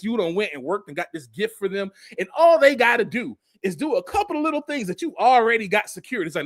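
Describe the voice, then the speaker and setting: A man giving a casual, animated sermon in everyday vernacular, reading scripture aloud between comments. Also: sits high, a little fast, hardly any pauses, dry recording, studio quality. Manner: casual, animated preaching with Southern Black vernacular and laughs. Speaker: preacher.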